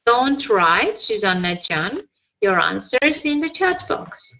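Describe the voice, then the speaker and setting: A woman's voice: mid-range voice, big pitch swings, takes it slowly, bright, forceful tone, poor audio. A woman teaching an online English lesson over a video call, encouraging students and patiently correcting them.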